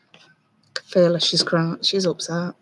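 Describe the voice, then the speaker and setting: Tarot reader, live stream, gentle reassuring tone, lots of ums and restarts, home webcam sound. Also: medium pitch, level tone, measured pace, slight background noise.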